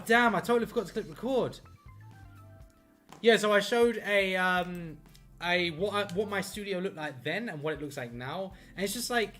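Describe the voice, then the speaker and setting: A man's voice: on the high side, a bit bright. A man chatting casually on a live stream while he draws, rambling and upbeat, often running himself down, with lots of fillers, from his home art studio. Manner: rambling, upbeat, self-deprecating, with many fillers. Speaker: artist live-streaming a drawing.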